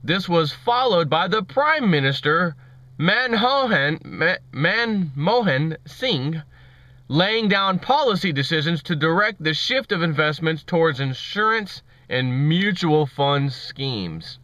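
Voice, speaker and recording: A man's voice: fairly high pitch, very animated, a little slow, few pauses, sharp tone, no room sound. Sarcastic male vlogger ranting. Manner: sarcastic, mocking. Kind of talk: ranting commentary.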